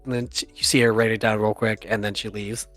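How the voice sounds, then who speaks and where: A man narrating as game master for a tabletop game, relaxed and often chuckling, with lots of fillers. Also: on the low side, fast, faint music behind.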